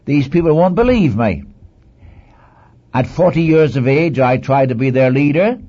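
A man's voice: mid-range voice, expressive, normal speed, warm tone, voice pushed up. A man voicing a reluctant old male prophet who pleads and protests, full of excuses, on a dull lo-fi recording. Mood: anxious, protesting.

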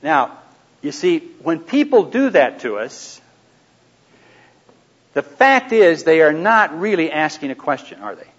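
A man teaching a live audience in a conversational way, asking them questions and dropping into quiet asides. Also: fairly high pitch, big pitch swings, measured pace, long pauses, slightly rough. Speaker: seminar speaker. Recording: dull lo-fi recording.

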